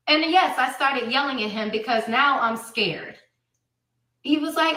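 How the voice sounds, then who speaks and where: A woman telling a personal story in an animated way, repeating herself and quoting others. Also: sits high, moderate pace, roomy sound. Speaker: guest telling her story. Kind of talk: emotional storytelling clip.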